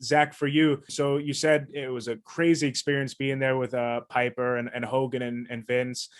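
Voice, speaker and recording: A man's voice: medium pitch, little pitch movement, normal speed. A man hosting an interview, asking questions and affirming his guests. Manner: friendly, affirming, laughs along. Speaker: interviewer host.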